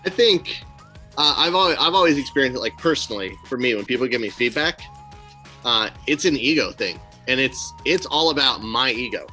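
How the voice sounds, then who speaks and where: Bright-voiced man telling animated stories. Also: mid-range voice, fairly quick, soft background music. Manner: animated storyteller, acts out quotes; blunt, swears casually. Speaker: podcast co-host. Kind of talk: casual chat.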